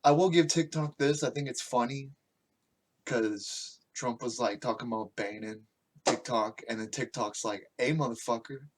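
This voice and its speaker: A man's voice: medium pitch, fairly even intonation, unhurried, slight background noise. Profane ranting man on a podcast. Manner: crude, profane, mocking, ranting. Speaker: podcast host. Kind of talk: casual podcast rant.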